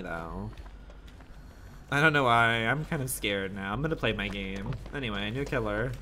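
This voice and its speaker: A man's voice: fairly low pitch, bright, forceful tone, slight background noise. A young man streaming a game live, talking in a campy, sassy, profane way and laughing often. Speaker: gaming streamer. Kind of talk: live gameplay commentary.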